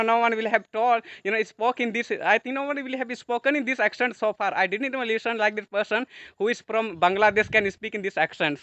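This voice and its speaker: Male YouTube host, higher voice, rapid and chatty, dry dull recording. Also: sharp tone, no echo. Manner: rapid, filler-heavy non-native English. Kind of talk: casual conversation.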